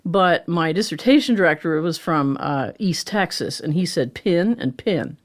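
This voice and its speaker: Professor type, woman in her 60s, lowish voice, animated and talkative, lectures conversationally. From Pittsburgh, USA. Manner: animated and chatty, explains with rhetorical "right?" and quick laughs. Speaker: linguistics professor, guest.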